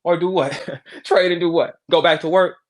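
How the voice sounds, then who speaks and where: A man hosting a podcast, ranting in a brash, profane, animated way, jumping between loud outbursts and low asides. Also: moderate pace. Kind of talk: casual podcast rant.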